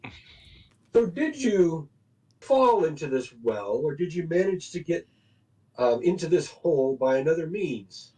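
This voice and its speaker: A man's voice: fairly high pitch, sing-song, measured pace, a little mellow. A man playing a tabletop game, asking questions in character. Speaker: player.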